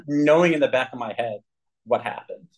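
A man's voice: mid-range voice, animated, moderate pace, rough recording. Earnest man telling his recovery story. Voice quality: frequent throat clearing. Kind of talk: personal testimony to a group.

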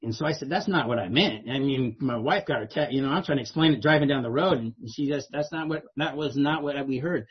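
Fast-talking husky man telling a story. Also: medium pitch, dull audio. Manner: animated, repeats "right?" often. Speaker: speaker sharing a recovery story. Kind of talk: storytelling talk.

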